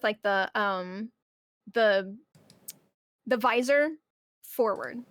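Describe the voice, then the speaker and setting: High-voiced young woman telling stories. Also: dry recording. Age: young adult. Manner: animated storytelling, swears freely. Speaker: streamer. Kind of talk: casual chat.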